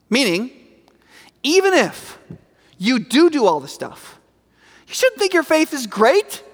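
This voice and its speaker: A man's voice: very high-pitched, big pitch swings, slow, long pauses, in a large hall. A man preaching a sermon in a conversational, emphatic way, often checking in with "right?".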